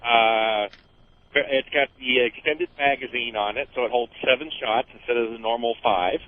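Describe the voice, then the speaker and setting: A man calling in to a radio show, halting with many fillers. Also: medium pitch, fairly even intonation. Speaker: caller. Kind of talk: phone call to a radio show. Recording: tinny phone line on radio.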